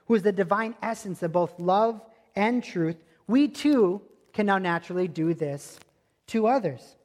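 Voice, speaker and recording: A man's voice: high-pitched, expressive, measured pace, darkish tone. A man preaching a sermon as pastor, earnest and emphatic, driving points home through repetition. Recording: long hall reverb.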